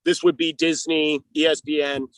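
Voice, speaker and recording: Brief: high-pitched male fight manager, profane and combative, dry close sound. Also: flat delivery, normal speed, creaky, fairly bright tone, clean tone, no echo. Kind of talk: heated interview talk.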